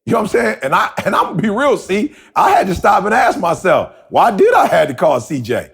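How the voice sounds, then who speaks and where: A man's voice: high voice, very animated, a little fast, creaky, fairly bright tone, breathy edge. A man co-hosting a podcast, telling a story in casual talk and repeating himself as he goes. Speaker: podcast co-host.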